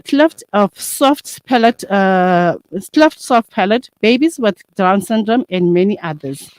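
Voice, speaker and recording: A woman's voice: medium pitch, darkish tone, no room sound. Dry-sounding woman hosting a radio talk show. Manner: reads an introduction with many hesitations.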